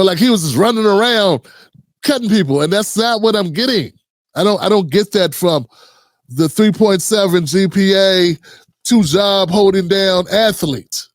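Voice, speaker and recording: A man's voice: sits high, no room sound, clean studio sound. A man hosting a commentary channel, talking casually and earnestly with many restarts and rhetorical questions.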